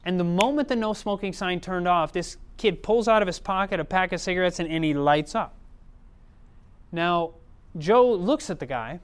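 A man's voice: sits high, normal speed, clean tone. A man preaching a sermon in a conversational way, often checking in with the audience.

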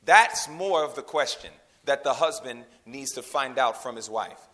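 A man preaching a sermon, quizzing his congregation with call-and-response questions and swinging from loud emphasis to hushed delivery. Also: mid-range voice, lively intonation, a little slow. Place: in a room with a congregation.

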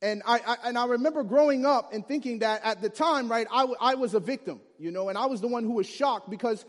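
A man from Chicago telling a humorous personal story to an audience, lively and acting out the people in it. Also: extremely high pitch, quick pace. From Chicago, USA. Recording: reverberant hall.

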